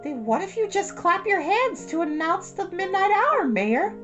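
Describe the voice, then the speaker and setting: An earnest, determined young girl witch, as a woman reader puts her on. Her storybook voice is high and animated, reaching up into a girlish register. Guitar music plays clearly underneath. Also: measured pace, heavily acted. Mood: incredulous.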